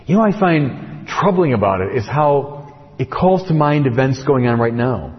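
Animated male preacher in a big hall. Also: medium pitch. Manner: animated storytelling, dramatic pauses and slowed emphasis. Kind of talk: sermon. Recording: muffled with long hall reverb.

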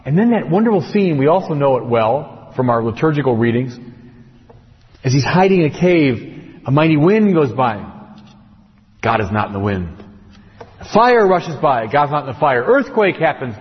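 A man preaching a sermon, telling the story with dramatic pauses and slow, heavy emphasis. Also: fairly high pitch. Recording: muffled with long hall reverb.

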